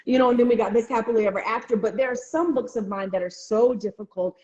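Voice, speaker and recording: A chatty woman author being interviewed over a video call, her talk full of ums and quick restarts. She sits a little high in pitch and breaks into excited, squeaky voices when quoting other people. The sound is dull and lo-fi, with a roomy echo around her. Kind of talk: casual conversational interview. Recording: echoey, dull lo-fi call audio.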